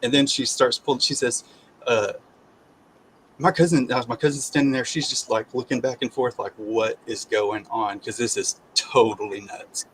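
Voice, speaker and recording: A man of middle pitch tells a personal story in an easy, conversational way. He acts out what people said, and he often circles back and restarts his lines. A faint hiss sits behind his voice. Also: moderate pace, rough recording. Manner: animated, acts out quoted voices, repeats and restarts. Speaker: guest sharing his testimony.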